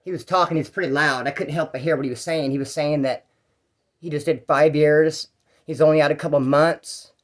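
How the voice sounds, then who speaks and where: Guy with a slightly higher voice rambling through a jail story, lots of slang and side notes. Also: steady tone, brisk. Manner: rambling and slangy, with fillers and restarts. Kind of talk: casual first-person jail story.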